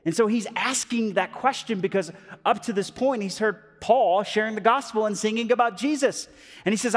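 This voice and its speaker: A male pastor giving a sermon, telling stories in an animated way with lots of fillers, moving between loud and hushed. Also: sits high, normal speed. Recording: long hall reverb.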